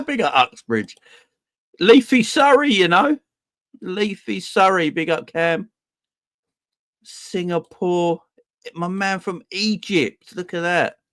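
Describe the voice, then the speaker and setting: A man's voice: on the low side, no echo, studio quality. Upbeat man hosting a live chat. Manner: upbeat, shouting out viewers by name. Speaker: host of a football fan livestream. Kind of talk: casual live-stream chat.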